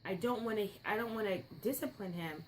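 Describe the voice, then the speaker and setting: A woman's voice: mid-range voice, a little fast, darkish tone, slight background noise, low-quality recording. A young adult woman, a mother, telling a story in a chatty, rambling way with frequent asides. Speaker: podcast host, mother. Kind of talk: casual storytelling monologue.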